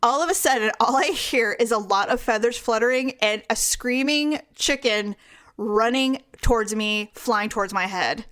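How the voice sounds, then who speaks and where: Animated woman telling a story. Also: on the high side, moderate pace, clear, resonant tone. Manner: animated storyteller, acts out quotes and animal sounds. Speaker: podcast co-host. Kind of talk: casual chat, storytelling.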